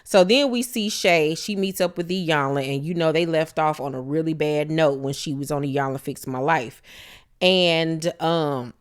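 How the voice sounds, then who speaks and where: A woman's voice: deep voice, unhurried, clear, resonant tone. A woman casually recapping a reality show, blunt and profane, slipping into quoted voices as she retells scenes.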